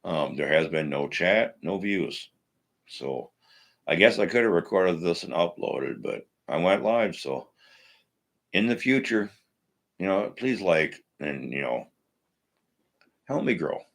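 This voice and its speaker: A man with a very deep, gravelly voice hosts a casual live stream. He rants bluntly and swears often as he talks through the week's wrestling. He comes from Minnesota. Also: animated, slow, pauses often. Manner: blunt, ranting, profane, opinionated. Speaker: wrestling podcast host.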